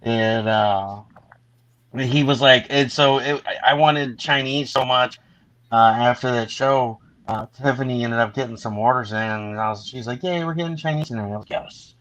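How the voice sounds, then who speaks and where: A man's voice: mid-range voice, steady tone, moderate pace, a bit bright, low-quality recording. A man hosting a casual live stream, rambling through a story and acting out what his friends said. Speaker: host.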